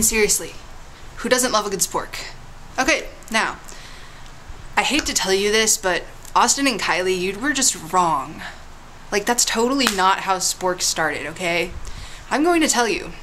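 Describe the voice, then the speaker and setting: A woman's voice: medium pitch, fairly bright tone, slight background noise, rough recording. Playful woman vlogger, teasing tall tale. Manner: playful, teasing storyteller with swoops into big dramatic tones. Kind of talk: casual vlog with a mock history tale.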